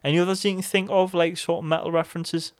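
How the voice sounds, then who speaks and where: A man chatting on a podcast, his voice sitting a little higher than most men's. He talks in an animated way, swears freely and acts out his own excited reactions. It is loose, bantering conversation between friends. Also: quick pace. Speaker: podcast co-host. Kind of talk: casual chat.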